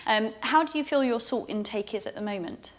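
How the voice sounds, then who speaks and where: A woman's voice: on the high side, fairly quick. Friendly woman dietitian. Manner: friendly, reassuring and encouraging. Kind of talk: explaining a diet to a patient.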